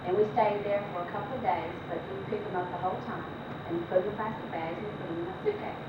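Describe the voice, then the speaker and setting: A woman's voice: medium pitch, lively intonation, quick pace, noisy background. A middle-aged woman, chatting and laughing as she tells family stories at an anniversary party, with many ums and restarts. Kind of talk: anecdotal storytelling to a crowd. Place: hotel banquet room. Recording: dull, distant, echoey 1990s home video.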